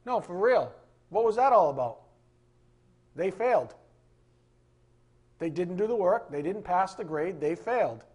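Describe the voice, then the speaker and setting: A man's voice: high voice, animated, measured pace, long pauses, darkish tone, husky. A man preaching a sermon in an emphatic style, firing off rhetorical questions.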